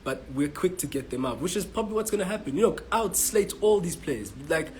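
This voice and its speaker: A man's voice: sits high, lively intonation, brisk, darkish tone, slight background noise, poor audio. A man from South Africa giving a frustrated, swearing match reaction as a football fan vlogger, stumbling and repeating himself. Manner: frustrated, swearing, repetitive restarts.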